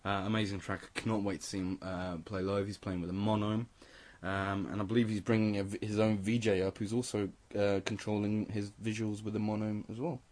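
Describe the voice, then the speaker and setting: A young male radio host with a slightly low voice talks casually about electronic music with real enthusiasm. He gushes about the tracks he loves and laughs easily with his co-host. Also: level tone, a little fast, hardly any pauses, darkish tone. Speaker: radio presenter.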